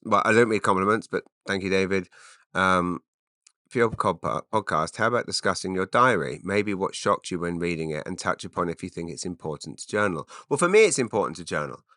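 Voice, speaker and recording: Low-voiced rambling man in his forties. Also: bright, forceful tone, no room sound, studio quality. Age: 40s. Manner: rambling, self-interrupting, wry asides. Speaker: podcast host. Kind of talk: rambling solo podcast.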